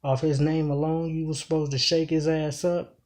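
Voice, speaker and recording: A man's voice: a little high, level tone, normal speed, a little mellow. A man giving a casual breakdown of battle rap lines, repeating each bar emphatically while explaining it.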